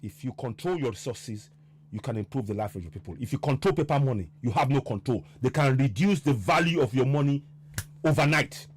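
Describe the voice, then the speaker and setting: A man hosting a political podcast, talking with fiery passion that he then tries to calm down. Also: medium pitch, fairly quick, breathy edge. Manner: fiery and worked up, then winding down softly. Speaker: activist podcast host. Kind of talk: impassioned political livestream talk.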